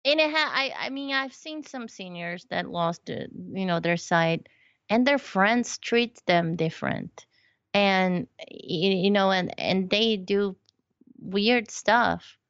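Lively storytelling woman, slightly dull sound. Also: medium pitch, slow pace, clear, resonant tone, no echo. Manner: animated storyteller, acts out quoted voices. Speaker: podcast guest. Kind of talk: casual conversation.

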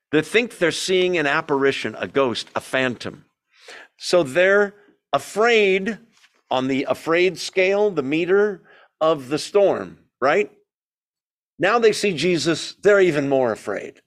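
A man's voice: on the high side, a bit bright. A man teaching a Bible study in a conversational way, asking the group questions and telling the story with energy.

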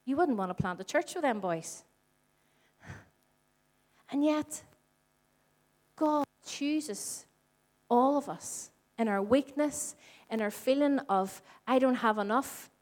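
A church speaker in her forties from Northern Ireland gives a conversational sermon to a congregation in a church hall. Her voice is high and slow, with frequent pauses, and she tells her stories in an animated way, acting out the quoted dialogue.

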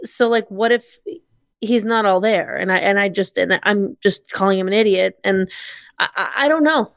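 A woman's voice: mid-range voice, moderate pace, vocal fry, no room sound, studio quality. A woman in casual podcast chat, talking loosely with many "like" fillers.

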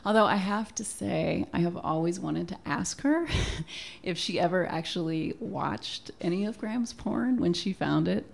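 A woman's voice: fairly low pitch, unhurried, gravelly. A young woman telling a comic story about her family in a chatty, wry way, often laughing and acting out quotes. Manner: frequent "like" fillers and acted quotes of family.

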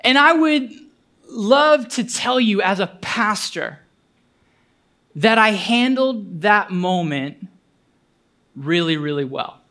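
A man's voice: sits high, bright, forceful tone. A male pastor preaching a sermon, telling a personal story earnestly and building to fervent appeals.

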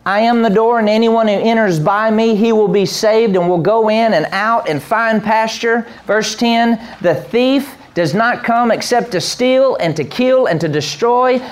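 A man preaching a sermon as pastor, animated, acting out voices with the congregation answering. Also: high-pitched. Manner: animated, acts out voices and sheep bleats. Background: congregation responses.

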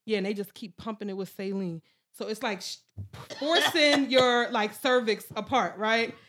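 A young woman speaking tells a story in a casual podcast chat. She tells it in an animated way and breaks into loud acted-out quotes. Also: on the high side, normal speed. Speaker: podcast host.

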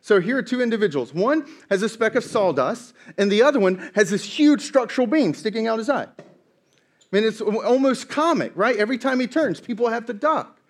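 A man preaching a sermon, telling a story with playful, animated asides. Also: high-pitched, a little fast. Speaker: pastor.

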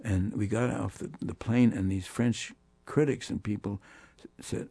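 An older man, a guest musician, telling animated anecdotes in an interview and voicing the people he quotes. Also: lowish voice, measured pace, vocal fry, few pauses, slightly rough, no room sound. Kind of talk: storytelling interview.

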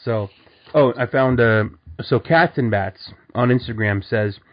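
A man's voice: medium pitch, a little slow. A man co-hosting a casual comic book podcast, talking in a rambling way full of fillers and restarts. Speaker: podcast co-host. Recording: dull lo-fi audio.

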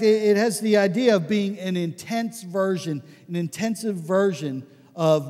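Male pastor, conversational sermon, animated storytelling, high-pitched, long hall reverb. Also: measured pace, few pauses.

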